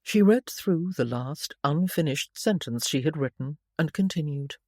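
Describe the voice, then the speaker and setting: Woman narrating a gentle period romance. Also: low voice, no room sound, clean studio sound. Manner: gentle, measured storytelling; soft voices for the father. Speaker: audiobook narrator. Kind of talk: scripted narration.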